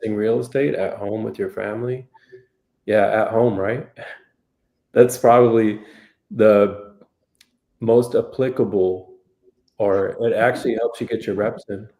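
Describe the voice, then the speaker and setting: A man's voice: fairly low pitch, fairly even intonation, measured pace, long pauses, warm tone. A man hosting a casual livestream chat, easygoing and rambling, with a lot of fillers. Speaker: host. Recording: echoey room.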